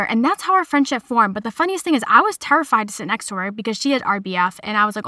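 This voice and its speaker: A young woman in her twenties telling a casual personal story in a chatty, animated way, quoting other people as she goes. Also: a little high, racing, hardly any pauses, very noisy. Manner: chatty, animated retelling with quoted voices.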